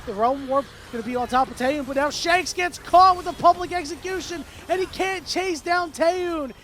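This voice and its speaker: High-voiced excitable esports caster man. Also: slight background noise. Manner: rapid excitable play-by-play. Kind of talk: live esports commentary.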